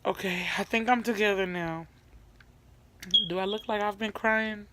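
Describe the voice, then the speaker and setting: A woman's voice: mid-range voice, moderate pace, long pauses, fairly bright tone. A young woman chatting casually in a get-to-know-me vlog from her bed at night, rambling with many fillers and repeating herself. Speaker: vlogger.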